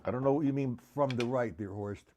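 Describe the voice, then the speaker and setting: A man's voice: mid-range voice, a little fast, darkish tone, slight background noise. A man teaching a live-streamed drum lesson, counting beats aloud and asking viewers to respond.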